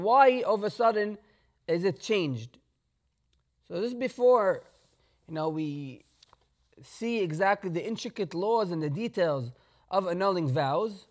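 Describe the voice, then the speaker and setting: A middle-aged man, a rabbi, teaching a Torah class and explaining Hebrew terms in English with emphatic warnings. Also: sits high.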